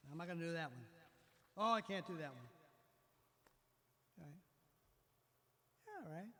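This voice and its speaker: A man's voice: fairly high pitch, unhurried, long reverb tail. An older man, a musician host, telling a rambling story casually, breaking off and voicing the people he quotes. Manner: rambling, self-interrupting, quotes others in lively voices.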